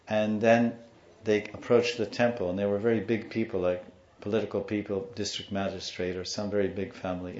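Brief: low-voiced male spiritual teacher, animated storyteller, dull roomy recording. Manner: animated storyteller, acts out the people in his story. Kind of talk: devotional storytelling lecture.

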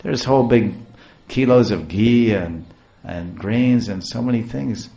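A man's voice: mid-range voice, measured pace, vocal fry, dark tone, highs cut off. A man voicing a poor village wife who is astonished and upset, in a raised, pleading tone. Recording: roomy echo.

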